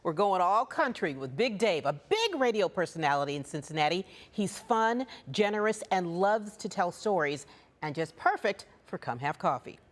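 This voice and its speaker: A woman's voice: fairly low pitch, big pitch swings, moderate pace. A woman hosting a lifestyle TV show, narrating a feature and interviewing in an upbeat, bubbly way.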